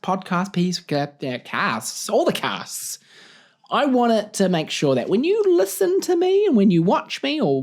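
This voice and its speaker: New man, solo podcast host, goofy rambling, very animated pitch. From New Zealand. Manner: goofy, rambling, laughs at his own jokes. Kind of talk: casual solo podcast monologue.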